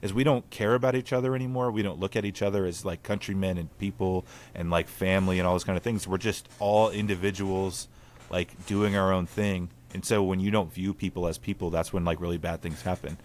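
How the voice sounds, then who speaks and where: Earnest, low-voiced man. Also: steady tone, a little fast, a little mellow. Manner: storytelling, earnest, lots of "like" fillers. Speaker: podcast host. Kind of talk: casual chat.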